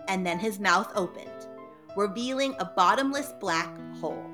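A woman's voice: medium pitch, lively intonation, moderate pace, music in the background. A woman reading a ghost story aloud in a dramatic, playful way.

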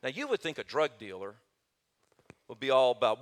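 A middle-aged man preaching a sermon as pastor, telling stories animatedly and swinging between loud and soft. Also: medium pitch, big pitch swings, moderate pace.

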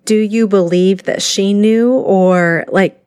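A woman hosts a podcast interview in a mid-pitched, soft-spoken voice. She affirms her guest and gently probes with short questions. The recording is dry. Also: fairly even intonation, slow, clear, resonant tone, no room sound. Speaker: podcast host.

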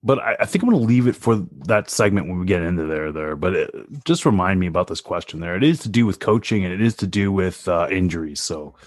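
A man's voice: deep voice, expressive, fast talker, hardly any pauses, no echo. A man with a mid-range voice that swings up and down a lot talks sports on a casual podcast. He is eager and emphatic as he runs through his notes. The recording is dry, with no room sound.

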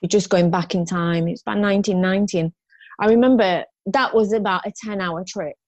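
A woman's voice: mid-range voice, fairly quick, darkish tone, no room sound, highs cut off. A woman in her fifties, a guest in an interview, telling her story frankly and ramblingly, with restarts and rueful laughs.

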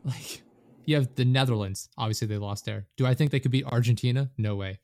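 A man's voice: medium pitch, a little fast, darkish tone, dry recording. Man, casual talker, rambling, swears when riled; dry close recording. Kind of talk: casual podcast chat about soccer.

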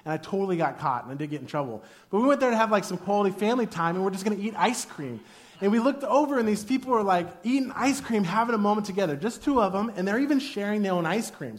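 A man in his thirties preaching a sermon with a high, bright pitch that leaps up and down. He keeps it casual and jokey, and acts out quoted arguments in a raised voice. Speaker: pastor.

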